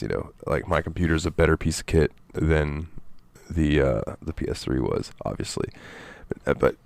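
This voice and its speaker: A man's voice: sits low, creaky, a little mellow, no room sound. A man co-hosting a podcast, chatting casually about a game in a loose, rambling way with lots of fillers and the odd swear. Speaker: podcast co-host. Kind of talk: casual gaming chat.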